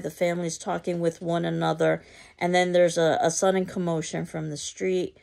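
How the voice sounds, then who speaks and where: Low, heavily creaky-voiced woman teacher. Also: darkish tone. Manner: measured, explanatory, with occasional ums and restarts. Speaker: literature teacher. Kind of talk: recorded literature lecture.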